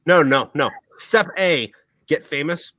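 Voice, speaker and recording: A man's voice: fairly high pitch, slow pace, pushed and bright, dry recording, poor audio. A man hosting a podcast, ranting heatedly and swearing constantly in a casual, tipsy way. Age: adult, military veteran. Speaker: podcast host. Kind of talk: profane casual rant.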